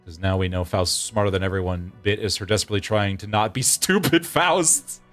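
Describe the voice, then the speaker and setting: This streamer, a man in his thirties, keeps up casual chat with viewers while gaming, rambling, laughing plenty and frequently starting sentences over. His voice is on the low side, brisk and a bit bright, with faint music behind.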